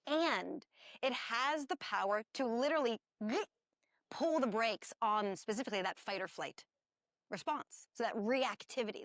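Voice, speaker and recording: A woman's voice: a little high, moderate pace, fairly bright tone, no room sound, clean studio sound. Upbeat woman explaining wellness ideas. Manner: enthusiastic, explaining with playful asides. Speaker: podcast co-host. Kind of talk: spiritual wellness chat.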